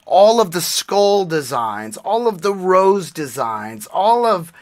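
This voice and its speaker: A man's voice: high voice, very animated, takes it slowly, dry recording, clean studio sound. A man in his forties co-hosting a podcast, telling earnest, emotional stories in casual chat. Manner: earnest storytelling, emotional tribute. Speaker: podcast co-host.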